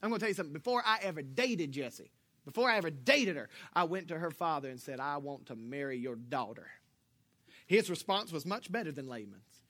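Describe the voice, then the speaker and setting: A male pastor preaching with a high, bright voice, animated and playful. He swings from loud bursts into quiet, mumbled asides, joking with his congregation as he goes. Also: fast talker. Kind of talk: sermon.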